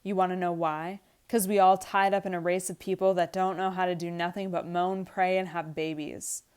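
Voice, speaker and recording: A woman reading aloud the lines of a bitter, frustrated young husband from a script, slightly louder than her narration. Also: fairly low pitch, little pitch movement, normal speed, clear, resonant tone, lightly acted. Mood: angry, bitter. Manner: read aloud from a script, lightly acted.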